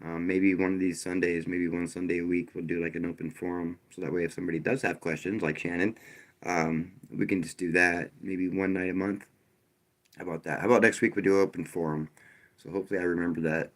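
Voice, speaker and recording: A man's voice: low-pitched, little pitch movement, fairly quick. A man hosting a live stream, talking loosely and casually, with frequent restarts and a wry, sarcastic edge. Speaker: livestream host.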